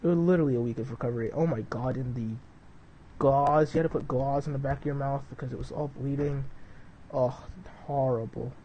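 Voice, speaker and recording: A man's voice: mid-range voice, steady tone, fairly quick, dull audio, a little hiss or hum. A young man streaming a flight simulator, chatting to viewers in a loose, rambling way full of "dude" and "like", between flight checks. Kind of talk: casual live-stream chat.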